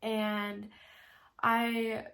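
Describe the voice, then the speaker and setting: A woman in her early twenties tells a personal story in a casual confessional vlog, emotional and close to tears, laughing through it, with many "like" fillers and soft trailing endings. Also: a little high, monotone, drawn-out words, creaky. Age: 20s. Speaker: vlogger.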